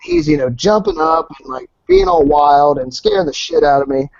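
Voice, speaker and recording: Guy telling a crazy story, a bit high voice, dry dull lo-fi sound, swears a lot. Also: moderate pace, gravelly, no room sound. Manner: animated, swears, acts out voices in anecdotes. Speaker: podcast guest. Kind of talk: casual storytelling. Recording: dull lo-fi podcast audio.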